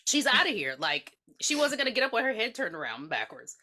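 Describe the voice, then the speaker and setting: Lively bright-voiced woman podcast host. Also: fairly high pitch, a little fast. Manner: animated, laughs often, profane. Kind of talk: casual movie review chat.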